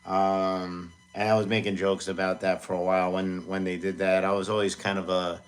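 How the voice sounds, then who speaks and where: Low-voiced rambling man in his forties. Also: little pitch movement, normal speed. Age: 40s. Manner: rambling, self-deprecating, many fillers. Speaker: music producer streaming live. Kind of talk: casual livestream chat.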